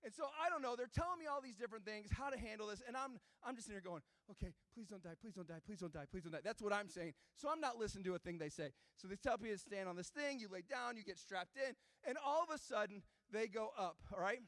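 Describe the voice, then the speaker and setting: A middle-aged man giving a youth ministry talk to young students, telling an animated story and speaking straight to the kids. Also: high-pitched, fast, hardly any pauses, no echo. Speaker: youth pastor. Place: church youth room before a live audience.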